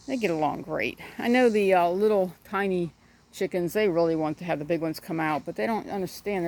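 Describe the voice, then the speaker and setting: A woman's voice: lowish voice, a little mellow. A middle-aged woman talks in a loose, rambling way while she films her backyard on a phone. She chats to her birds now and then and keeps a casual, homey tone throughout. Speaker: backyard chicken keeper. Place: outdoors in a backyard garden.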